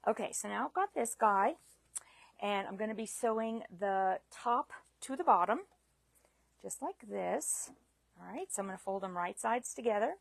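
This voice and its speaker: A woman's voice: mid-range voice, lively intonation, normal speed, gravelly, no echo. A woman teaching a live sewing demonstration, chatty and self-deprecating, laughing at her own mistakes. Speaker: sewing instructor.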